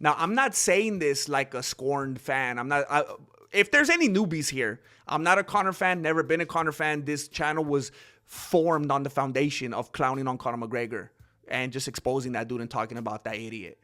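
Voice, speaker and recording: A man hosting a casual commentary stream, rambling and animated, often acting out quotes. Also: mid-range voice, moderate pace. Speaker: host.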